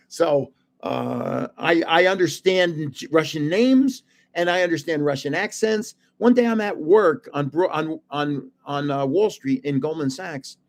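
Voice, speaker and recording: A man's voice: a little high, unhurried. An older man hosting a late-night live stream, rambling casually with chuckles and restarts, sounding tired. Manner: rambling and chatty, chuckling often, many restarts. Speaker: livestream host running a card giveaway.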